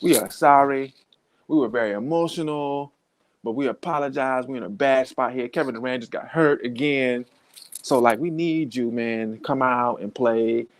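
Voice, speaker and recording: A man's voice: medium pitch, normal speed, close to an everyday voice. A man acting out a desperate male team executive begging a star player to return. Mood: pleading. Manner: begging, wheedling.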